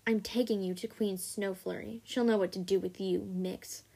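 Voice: mid-range voice, fairly even intonation, moderate pace, gravelly, warm tone. A reader giving a plain voice to a sneering ice dragon guard. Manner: blunt and sneering. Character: cold, hostile male ice dragon guard.

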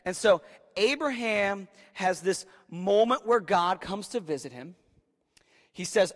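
A man's voice: sits high, expressive, slow. A young man preaching a casual, conversational sermon, often checking in with "right?" and acting out the people in his story. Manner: keeps asking "right?" and acts out voices in quotes. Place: church hall with a live audience. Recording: long reverb of a large hall.

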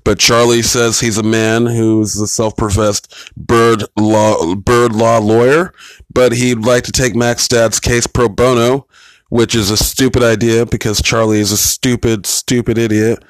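A man's voice: medium pitch, flat delivery, a little slow. A man with an ordinary mid-range voice talks loosely through a TV episode, blunt and profane as he recaps the scenes. His voice sounds dry and close, with no room echo. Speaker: TV episode reviewer. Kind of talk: casual rambling commentary.

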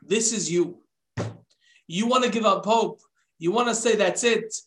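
A man's voice: high voice, unhurried, a bit bright. A man voicing an elderly revered sage who explains and exhorts in an emphatic, fatherly way. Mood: exhorting.

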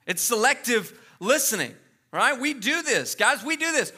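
Bright, animated male preacher. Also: very high voice. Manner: animated, jokey preaching with quick asides. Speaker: pastor. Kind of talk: sermon.

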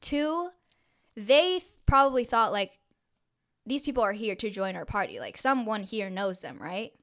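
A young woman, a podcast co-host, telling an anecdote in casual chat, animated and full of swearing, acting out quotes with lots of "like". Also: mid-range voice, moderate pace. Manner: animated, swears a lot, acts out quotes with filler "like".

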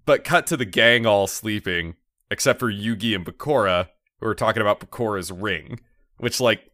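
A man's voice: fairly low pitch, moderate pace, sharp tone, no echo, studio quality. A man co-hosting a podcast, casually recapping an anime episode with rambling asides and many fillers. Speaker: podcast co-host.

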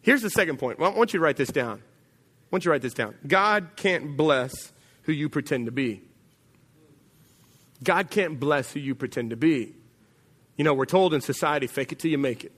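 A pastor preaching a sermon in a church, telling a story conversationally and dropping to a quiet voice for emphasis. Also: male voice, on the high side, animated, normal speed, pauses often, husky, in a large hall.

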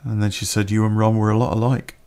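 A man telling a personal story on a podcast in a plain-spoken, unhurried way with pauses. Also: lowish voice, level tone, warm tone.

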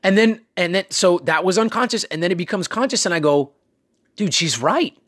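A man's voice: high voice, fast, a bit bright, dry recording, studio quality. A man hosting a casual motivational talk, coaching listeners in a conversational way with many fillers and asides. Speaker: self-improvement podcast host.

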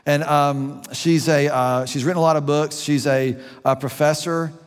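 Male pastor preaching, middle-aged, earnest conversational sermon, slightly raised pitch, echoing church hall. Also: steady tone, moderate pace. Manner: conversational, earnest, varies pace for emphasis. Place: church sanctuary.

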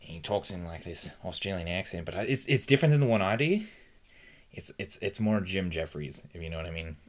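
Deep-voiced rambling man in casual chat. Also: expressive, a little fast. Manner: rambling storyteller, many fillers and restarts. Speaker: podcast co-host.

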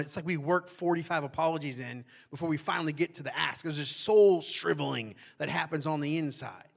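A man's voice: fairly high pitch, fairly quick, creaky, hardly any pauses. A man preaching a sermon to a congregation, in a conversational way, often asking the audience questions and adding "right?". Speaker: pastor.

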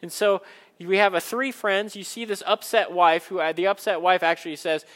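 Preacher guy, high bright voice, lively, does little voices for the characters. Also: long reverb tail. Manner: animated, acts out Bible characters in quick asides. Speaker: pastor. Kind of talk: sermon.

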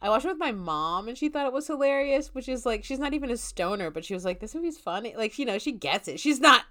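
A woman's voice: a little high, animated, fast talker, pushed and bright. A young adult woman co-hosting a podcast in casual chat, chatty and laughing often, with lots of fillers. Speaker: podcast co-host.

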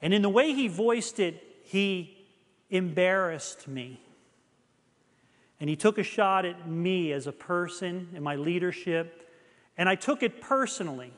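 High-voiced male preacher in a reverberant hall. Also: expressive, unhurried, a bit bright. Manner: earnest, confessional storytelling. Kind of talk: sermon with personal story.

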